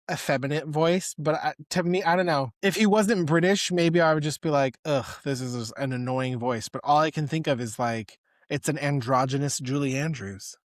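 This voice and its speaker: A man co-hosting a podcast, chatting in an excitable, rambling way full of "like". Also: fairly high pitch, dry recording, clean studio sound. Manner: excitable, rambling, heavy use of "like". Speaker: podcast co-host. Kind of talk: casual chat.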